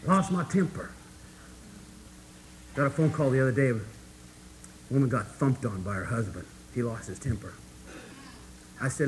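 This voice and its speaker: A man preaching a sermon to his congregation, emphatic and folksy, swinging between hushed asides and loud, rising points. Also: mid-range voice, normal speed, long pauses, slight background noise, poor audio. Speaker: pastor.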